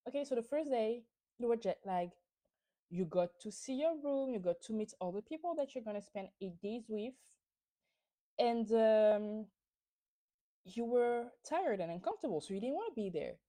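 A woman with a fairly high but dark-toned voice and lively intonation recaps a reality show on her podcast at normal speed. She's casual, gossipy and opinionated, using lots of fillers.

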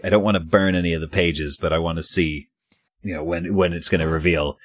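Deep-voiced stammering man playing a tabletop game. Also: steady tone, fairly quick, no room sound, clean studio sound. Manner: rambling, stammering, swears. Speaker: player. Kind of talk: tabletop role-play.

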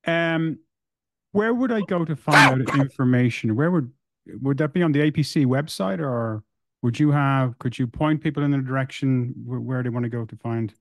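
A man's voice: medium pitch, normal speed, dry recording. A man interviewing, asking hesitant questions and rephrasing them as he goes.

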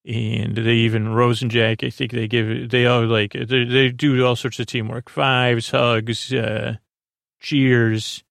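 A male podcast host talks through an episode recap, rambling and often correcting himself mid-sentence. His mid-range voice carries a gravelly, creaky texture. The sound is dry, with no room echo. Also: medium pitch, flat delivery, slow, a bit bright. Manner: rambling, many fillers and self-corrections.

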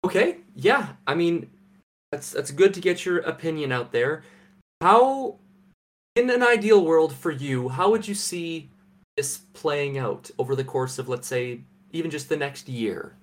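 A man's voice: fairly high pitch, animated, unhurried. A man playing an interviewer in a comedy sketch, fumbling his questions with many ums. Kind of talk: mock interview.

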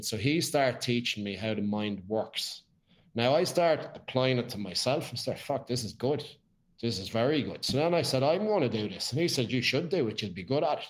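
An Irish man, a podcast guest, telling his life story in casual chat, blunt and swearing freely. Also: mid-range voice.

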